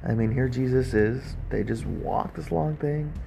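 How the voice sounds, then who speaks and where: A man's voice: mid-range voice, a little slow, gravelly, background noise. A man giving sarcastic, casual commentary on a bible story, thinking aloud and asking wry questions.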